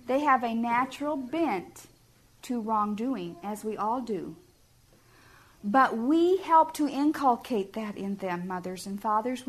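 A middle-aged woman giving a sermon-style talk to parents, earnest and homey, often putting questions to her listeners. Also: a little high. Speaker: speaker at a family ministry talk.

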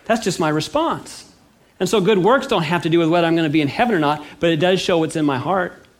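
A man preaching a sermon, animated and conversational, acting out little everyday scenes. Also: on the high side, quick pace.

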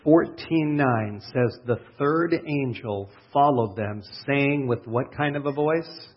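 A man's voice: mid-range voice, slow pace, breathy edge. A man preaching a sermon, praying and reading scripture aloud, stretching out key words and putting questions to his listeners before answering them. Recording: dull, lo-fi sermon recording.

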